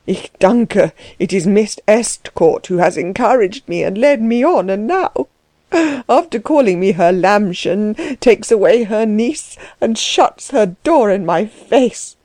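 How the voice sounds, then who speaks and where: A woman voicing an agitated, indignant young male tutor who bursts out in trembling, shrill tirades. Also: expressive, takes it slowly, dark tone, no room sound. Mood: furious.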